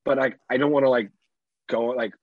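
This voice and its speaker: Thirties dad co-host, husky and dry, swears freely, animated storyteller. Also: male voice, mid-range voice, fairly quick, no room sound, phone-quality sound. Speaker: podcast co-host. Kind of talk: casual chat.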